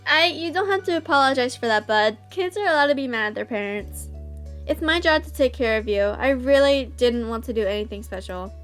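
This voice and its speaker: A woman voicing a kind middle-aged father who reassures his son gently. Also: high-pitched, lively intonation, fairly quick, soft background music. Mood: reassuring.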